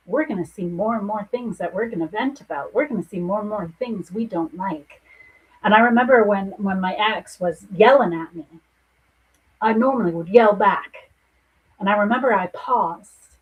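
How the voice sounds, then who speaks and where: A woman's voice: medium pitch, husky, low-quality recording. A middle-aged woman, a psychic medium, giving earnest and reassuring spiritual readings to viewers in a soothing way.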